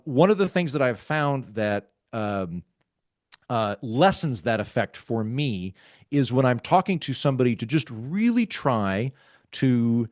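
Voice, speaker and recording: A man, a guest author in a podcast interview, explaining ideas in a wry, self-aware, calm and measured way. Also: medium pitch, no echo, studio quality. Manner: talks calmly, measured.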